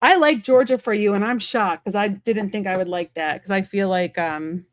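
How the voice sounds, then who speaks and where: A psychic medium and tarot reader does a live-stream reading from home, chatting casually to viewers. She talks fast and rambles, with lots of fillers, in a medium-pitched voice on a dry recording.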